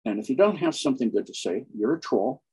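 A man's voice: medium pitch, expressive, fast, dark tone, breathy edge, dull audio. A man speaking as a guest in an impassioned, preachy monologue, pressing his points with emphasis. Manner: preachy, emphatic, keeps acting out quoted people. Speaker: guest on online channels.

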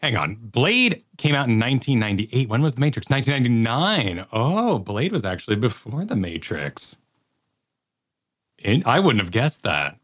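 A man co-hosting a podcast, chatting casually about movies, searching for words and then rattling off quick lists. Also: mid-range voice, very animated, a bit bright. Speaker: podcast co-host.

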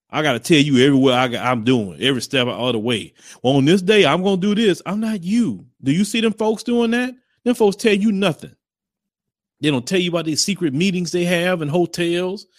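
A man's voice: on the high side, no echo, clean studio sound. A man hosting a casual commentary show and talking bluntly to viewers. He rambles, repeats phrases and slips into mocking voices.

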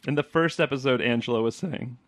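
A man co-hosting a podcast in a relaxed chat. He is chatty, laughs often and drops into quick impressions. His voice sits mid-pitch and sounds dry and close. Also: no room sound. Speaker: podcast co-host. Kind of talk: casual chat.

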